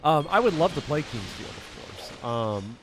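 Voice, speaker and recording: A man's voice: on the high side, big pitch swings, unhurried. A man streaming a game for charity, chatting casually with friends and thinking aloud as he plays. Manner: chatty, thinks aloud while playing, frequent ums. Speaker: streamer playing games for charity. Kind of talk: casual live-stream chat with co-hosts. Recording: gaming stream with noticeable background noise.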